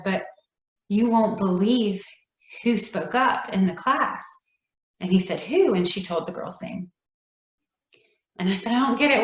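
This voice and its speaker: A woman, a nonprofit's founder, telling a heartfelt story in an interview, earnest and emotional, dropping to soft near-whispers. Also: medium pitch, far from the mic. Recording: roomy echo, dull lo-fi sound.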